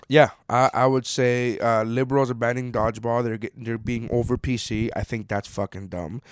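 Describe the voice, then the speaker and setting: A man in his thirties ranting casually, cursing often and swinging from low mutters to loud outbursts. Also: dry recording, studio quality. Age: 30s. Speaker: commentator reading an article. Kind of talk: casual rant.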